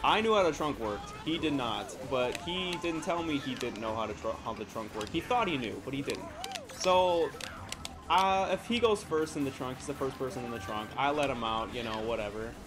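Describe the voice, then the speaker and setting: A man's voice: mid-range voice, expressive, moderate pace. A young man from the United States telling a rambling, laughing story on a live stream, swearing often.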